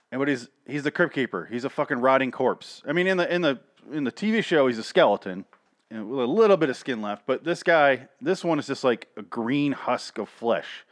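A man's voice: medium pitch, no room sound, clean studio sound. A man giving casual, rambling, sarcastic review commentary on cartoon episodes, swearing freely.

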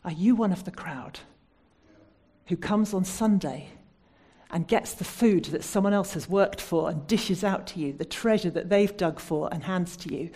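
A woman from the United Kingdom delivers a sermon in a mellow, slightly husky voice. She puts earnest, searching questions to her listeners and softens into a prayerful tone when she leads them in prayer. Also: lowish voice, moderate pace. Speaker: preacher.

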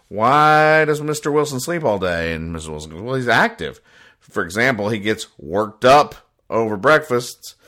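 Wry low-voiced man recapping comics. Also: a bit bright. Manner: rambling, wry, dry explanations of each joke; puts on quick voices for the characters. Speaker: host reading comic strips aloud. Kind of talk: casual comic-strip recap.

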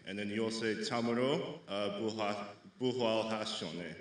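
Slow quiet man in echoey room. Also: lowish voice. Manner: quiet, stumbling, laughing. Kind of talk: leading a call and response. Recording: echoey room from far off, faint ambience.

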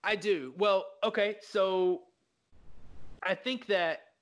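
A man with a fairly high voice co-hosts a casual film podcast. He talks in an animated way, swears freely and slips into short acted-out bits from scenes. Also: slow pace. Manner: animated, profane, acts out scenes. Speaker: podcast co-host.

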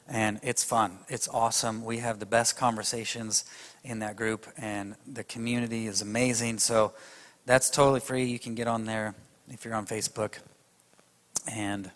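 A man's voice: mid-range voice, a bit bright, big-room sound. A man preaching a sermon, emphatic and speaking straight to his audience. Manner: emphatic, addresses the audience directly.

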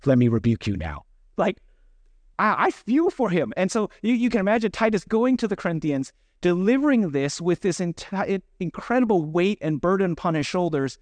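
Man preaching, casual and self-deprecating, a bit higher pitched, dry close sound. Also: animated, normal speed, no room sound. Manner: conversational, self-deprecating, acts out quoted voices. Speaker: pastor. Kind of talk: sermon.

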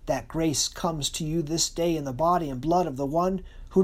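A preacher delivering a sermon in an earnest, expressive way, slowing and softening for emphasis. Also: medium pitch.

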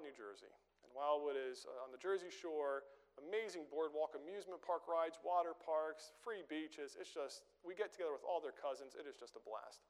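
A middle-aged man preaching a sermon as pastor, conversational and storytelling, with rhetorical questions. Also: a little high. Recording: long reverb of a large room.

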